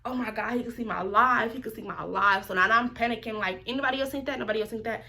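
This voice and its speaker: A woman's voice: a little high, fast talker, pushed and bright. A woman, telling a story in a casual vlog and mimicking other people's voices as she quotes them. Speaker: vlogger.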